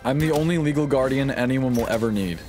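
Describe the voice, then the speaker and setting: A man's voice: mid-range voice, quick pace, darkish tone, faint music behind. A man streaming a game live, joking and swearing as he talks to his chat and the game characters.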